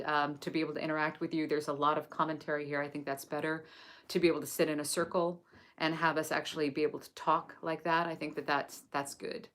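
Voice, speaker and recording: English woman, lowish voice, gentle live-stream study host, reads text then chats warmly. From England. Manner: gentle, effusive, greets viewers warmly. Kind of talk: reading scripture aloud, then live-stream chat.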